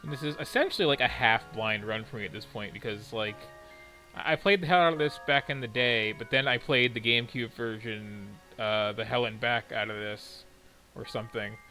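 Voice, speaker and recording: A man's voice: mid-range voice, normal speed, pushed and bright, poor audio. A man giving rambling, wry and self-deprecating commentary while streaming a video game. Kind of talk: casual gameplay commentary. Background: game music.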